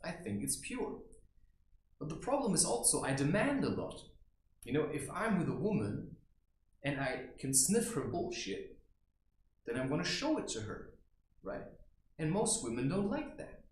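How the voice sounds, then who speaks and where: A man's voice: fairly high pitch, sing-song, moderate pace, pauses often. A man playing a blunt, boastful macho barbarian in a rambling comic monologue, keeps tossing in "right?", recorded in a room. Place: room indoors. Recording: echoey room.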